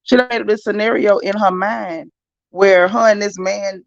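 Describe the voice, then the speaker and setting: Female livestream host, gravelly and chatty, reading viewer comments. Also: mid-range voice, normal speed, no echo, lo-fi sound. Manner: chatty, animated, talks straight to viewers. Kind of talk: casual livestream chat.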